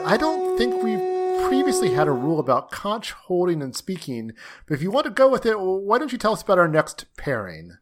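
A man hosting a film podcast over a video call, reading scripted intros with a wry, lively delivery. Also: high-pitched, moderate pace. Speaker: podcast host.

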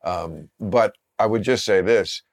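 A man's voice: fairly low pitch, slow pace. An older man hosting a casual talk show, making dry, lecturing points. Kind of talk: casual chat and read sponsor ad.

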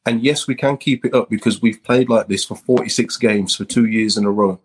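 A man with a low, slightly husky voice joins a casual football chat as a guest. He lays out his points in a steady, measured way. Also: low-quality recording.

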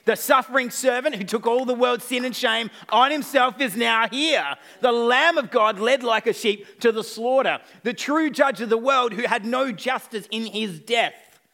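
A man's voice: very high voice, moderate pace, vocal fry, bright, forceful tone, voice pushed up, heavily acted. A man voicing an apostle who proclaims the message with rising, emphatic fervor. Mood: fervent. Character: fervent male apostle proclaiming good news.

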